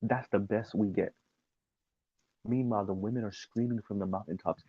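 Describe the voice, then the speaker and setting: A man's voice: fairly low pitch, steady tone, moderate pace, husky, dry recording, dull audio. A man giving an emphatic, sarcastic opinion commentary, often laughing at his own points.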